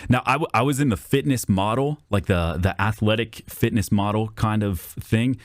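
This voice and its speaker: A man streaming from home, telling a story in a casual, profane and animated way, often jumping up into high-pitched outbursts. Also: moderate pace, dry recording, studio quality. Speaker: VTuber streamer.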